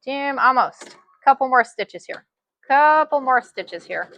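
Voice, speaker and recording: A woman's voice: high-pitched, animated, a little slow, fairly bright tone, no room sound. A woman teaching a live sewing tutorial, chatty and folksy, often saying "y'all.". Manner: chatty, says "y'all" a lot. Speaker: sewing instructor.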